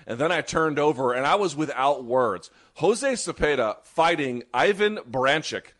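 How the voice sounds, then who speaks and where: A man co-hosting a sports talk show, giving fast, animated, opinionated takes. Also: a little high. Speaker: podcast co-host. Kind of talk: casual sports chat.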